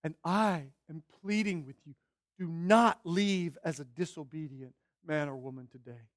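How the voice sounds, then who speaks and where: A man preaching a sermon, moving from quiet pleading to loud, emphatic declarations. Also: on the high side, measured pace, no room sound, studio quality.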